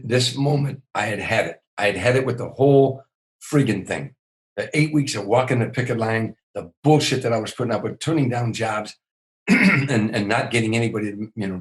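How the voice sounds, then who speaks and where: Older guy spinning old showbiz stories, lowish voice, gets lively, stumbles into sentences. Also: poor audio. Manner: animated storyteller, repeats words when starting. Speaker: comedian guest. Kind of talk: storytelling in a podcast interview.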